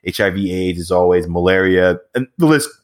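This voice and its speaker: A man interviewing a guest in a relaxed, rambling way with many fillers. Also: low voice, a little fast. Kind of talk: conversational interview.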